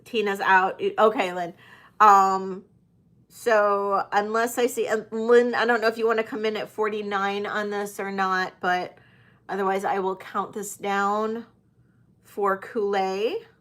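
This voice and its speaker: A woman running a casual live-stream jewelry auction, talking at a slow, easy pace. She is chatty and hesitant, full of ums and restarts, with a mid-range voice. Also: mid-range voice, steady tone, a bit bright. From United States. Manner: chatty, hesitant with many fillers.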